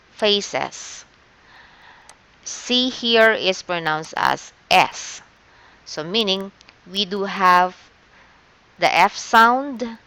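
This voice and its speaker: A woman teacher with a Filipino accent and a clear, resonant, mid-range voice with a sharp tone leads an online shorthand lesson. She goes patiently step by step and frequently checks in with "okay."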